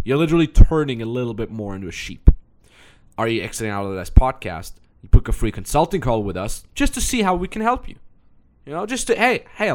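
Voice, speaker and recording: A man's voice: lowish voice, darkish tone. A young man hosting a motivational podcast, talking bluntly and pushily with lots of energy and repeating his key phrases. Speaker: podcast host and online business coach.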